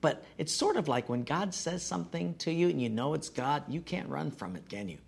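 A man's voice: a little high, animated, fairly quick, vocal fry, slightly rough. A middle-aged male pastor preaching a sermon, telling a personal story with folksy, self-deprecating humor.

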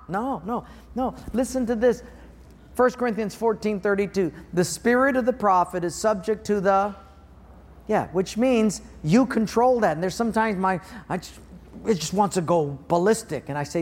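An older man preaching a sermon as pastor, animated, acting out everyday scenes in playful voices. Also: high-pitched, normal speed. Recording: reverberant hall.

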